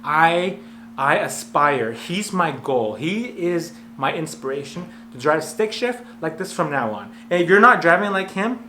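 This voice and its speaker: A man hosting comedic commentary on fail videos from a warehouse, talking in an energetic, jokey, self-mocking way. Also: a little high, a little slow. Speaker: host of a fail commentary channel. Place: warehouse full of clothes. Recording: echoey warehouse with a faint hum.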